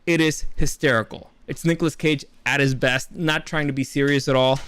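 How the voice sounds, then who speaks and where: A man's voice: on the high side, fairly even intonation, a little fast, a bit bright, clean tone, no room sound. A young man casually reviewing films, rambling and enthusiastic, with many restarts. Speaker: movie reviewer. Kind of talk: casual spoken film review.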